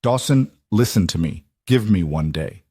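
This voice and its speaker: A man voicing a protective, hot-tempered rancher with forceful delivery. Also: low-pitched, expressive, normal speed, breathy edge, dry recording, studio quality. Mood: urgent.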